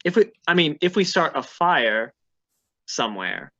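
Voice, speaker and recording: Bright lively player, kinda lo-fi dry mic. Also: mid-range voice, unhurried. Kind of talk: tabletop role-play. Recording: slightly lo-fi mic.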